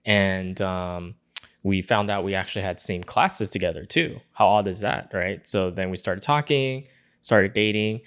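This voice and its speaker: A man's voice: low voice, a little slow, a bit bright, clean tone. A young man co-hosting a podcast in casual chat, joking and laughing often. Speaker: podcast co-host.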